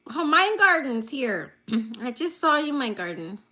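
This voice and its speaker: A woman's voice: high-pitched, big pitch swings, unhurried, bright, forceful tone. A woman hosting a casual livestream, chatting with viewers in a teasing, playful way, laughing often, recorded on a phone lying on a table. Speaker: livestream host.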